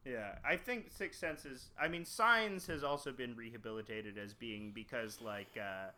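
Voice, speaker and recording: Bright-voiced man, jokey co-host. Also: medium pitch, normal speed, slight background noise. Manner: jokey, opinionated. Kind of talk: casual movie review chat.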